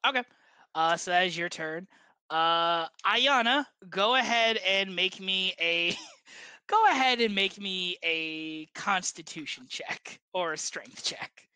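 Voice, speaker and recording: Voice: mid-range voice, slow, bright, forceful tone, clear, resonant tone, no echo. A game master narrating a tabletop game in a loose, hesitant way, with many fillers.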